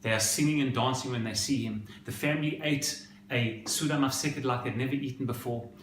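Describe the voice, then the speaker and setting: A male rabbi delivers a sermon and tells its story in an expressive, dramatic manner. His voice sits at an ordinary pitch. The recording has a roomy echo and a faint background hiss. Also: a little fast.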